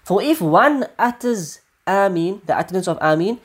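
A woman's voice: medium pitch, expressive, normal speed, husky. A woman teaching an Islamic study lesson, repeating her points with emphasis and often checking in with "right?". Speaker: religious teacher.

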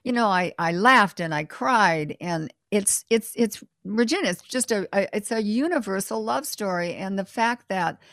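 A woman's voice: medium pitch, lively intonation, normal speed, hardly any pauses, fairly bright tone, no echo, studio quality. A woman hosting a casual interview, talking in a rambling way with frequent restarts. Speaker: talk show host.

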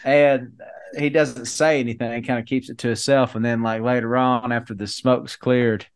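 A man's voice: medium pitch, little pitch movement, normal speed, clear, resonant tone, no echo, studio quality. A man co-hosting a podcast, spinning mock movie plots in casual, profane storytelling. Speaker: podcast co-host.

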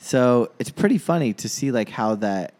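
Male podcast co-host, casual sports talk, pitch swings up and down, rambling. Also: lively intonation, moderate pace, a little mellow. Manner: rambling, trails off mid-sentence.

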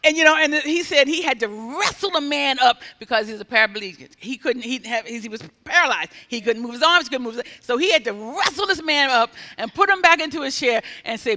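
A man preaching with a strikingly high, very bright voice. He tells his stories animatedly, acting out what people said and rising to loud exhortation. His voice carries a long reverb from a large hall. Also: fairly quick, hardly any pauses. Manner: animated, acts out quoted speech, builds to loud exhortation. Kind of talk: sermon storytelling.

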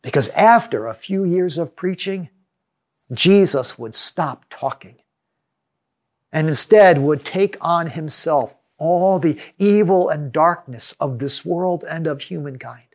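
A male pastor delivers a sermon in a measured, earnest way. His voice sits a little higher than most men's. He slows down to stress key words. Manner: measured, earnest preaching with reading aloud from scripture.

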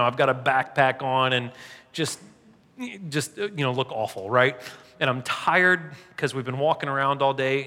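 Bright-voiced pastor in a reverberant hall. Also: male voice, mid-range voice. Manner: conversational, self-deprecating, frequent tag questions. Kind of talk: sermon. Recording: long reverb in a large hall.

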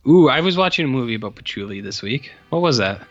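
A man's voice: mid-range voice, lively intonation, fast talker, muffled recording. A man co-hosting a podcast, chatting casually about film news with many fillers and playful asides. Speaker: podcast co-host. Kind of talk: casual chat.

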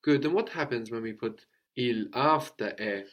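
A man teaching a French lesson, with a voice of ordinary pitch. He explains patiently and repeats short phrases so his student can copy them. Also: expressive, moderate pace. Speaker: language teacher.

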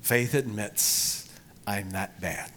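A middle-aged man preaches a sermon in a bright, forceful voice. He speaks slowly and deliberately, surging loud for emphasis and then dropping low and soft. A faint hum of ambience sits behind him. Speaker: pastor.

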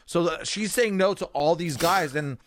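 A man's voice: a little high, moderate pace, a little hiss or hum. A man telling a story on a casual talk show, swearing freely and acting out the voices of people in it. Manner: profane, animated, acts out voices in his stories. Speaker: guest.

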